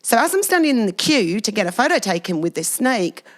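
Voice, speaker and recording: A middle-aged woman, a guest telling animated stories in a casual interview. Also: on the high side, a little fast. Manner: lively, animated storyteller with frequent laughs.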